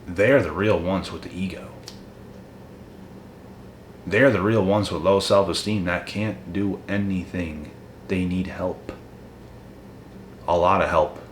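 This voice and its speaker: A man with a very low voice delivers a blunt, profane motivational rant, calling out his critics head-on. The room around him rings with echo, and a faint hiss sits under the voice. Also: steady tone, slow, pauses often. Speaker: motivational channel host. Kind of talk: ranting motivational monologue. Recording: echoey room with faint noise.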